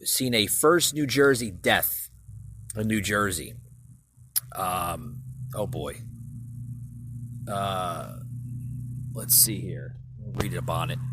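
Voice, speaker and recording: Over a noisy background, a man with a lowish voice hosts his own podcast. He talks straight to his audience, wandering through the news with lots of fillers and false starts in a casual solo commentary.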